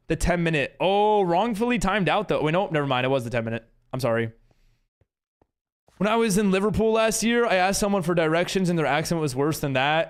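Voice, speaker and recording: A man streams a game live, chatting casually with viewers and reading the chat aloud in a rambling way packed with fillers. His voice sits high.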